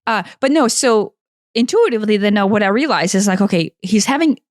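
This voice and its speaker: A woman's voice: mid-range voice, fairly quick, no echo, studio quality. Rambling storyteller woman from Ukraine. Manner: animated, rambling, restarts often. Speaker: podcast co-host, energy healer. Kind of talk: casual storytelling chat.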